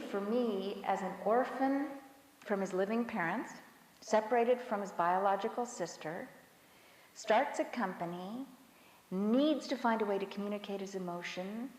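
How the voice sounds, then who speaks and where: A woman interviewed for a documentary, speaking in a reflective, measured way. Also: medium pitch, a little mellow. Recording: roomy echo with long reverb.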